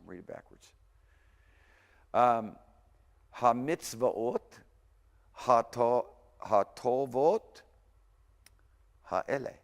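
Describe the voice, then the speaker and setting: A man teaching a recorded university language class in a casual, thinking-aloud way, stopping often to correct himself. His middle-pitched voice carries a long reverb from the lecture room.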